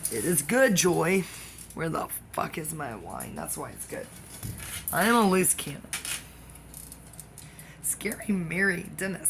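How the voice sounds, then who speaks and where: A speaker delivering a rambling comic monologue that jumps between topics, with excitable outbursts and sudden drops into whispers. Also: mid-range voice, vocal fry, slight background noise.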